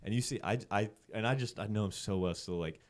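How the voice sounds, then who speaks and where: A young man in his twenties from central Pennsylvania, with a voice that sits on the low side. He tells a story in a loose, rambling way, swearing often and filling his sentences with "like." He sounds like a podcast guest in casual conversation. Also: quick pace. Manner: loose, profane, filler-heavy storytelling.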